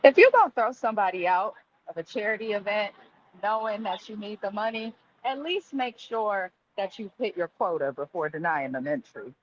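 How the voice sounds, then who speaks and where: A woman's voice: medium pitch, lively intonation, normal speed, dull audio, slight background noise. A woman joining a reality TV recap from her workplace, giving blunt, opinionated takes. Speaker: co-host guest. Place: at work.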